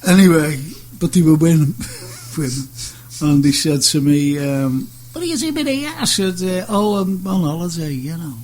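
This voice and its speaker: A man's voice: fairly high pitch, normal speed, hardly any pauses, a little mellow, low-quality recording. A man hosting a radio chat show, jokey and chatty, telling his own stories. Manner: jokey, chatty, breaks in eagerly.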